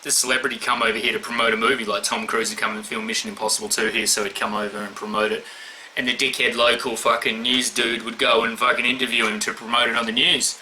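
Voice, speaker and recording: Aussie bloke ranting on his vlog, swears every other word, really bright sharp voice. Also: mid-range voice, little pitch movement, fast talker, slight background noise. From Australia. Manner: swears constantly, rambling and blunt. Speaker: YouTuber answering award questions. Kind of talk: casual vlog monologue.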